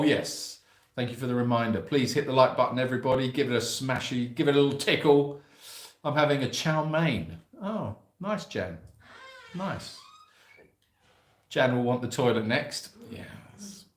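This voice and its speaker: A chatty man hosts a relaxed live question-and-answer stream, reading out greetings and cracking jokes. His voice sits at an ordinary middle pitch. The room around him rings with a clear echo. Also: moderate pace. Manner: chatty, jokey, reads out viewer greetings. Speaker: sanctuary co-host reading live chat. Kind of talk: casual live-stream chat. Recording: roomy echo.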